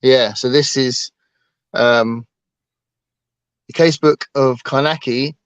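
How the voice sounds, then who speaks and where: A man's voice: mid-range voice, fairly even intonation, takes it slowly, smooth, no echo. A man co-hosting a casual book livestream, talking hesitantly with lots of ums and restarts. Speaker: book channel co-host.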